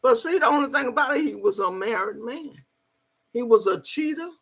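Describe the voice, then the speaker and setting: A woman's voice: fairly high pitch, expressive, fairly quick, a bit bright, slightly rough. A woman, telling a story in a blunt, emphatic way and cussing freely. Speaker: vlogger. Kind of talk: profane storytelling monologue.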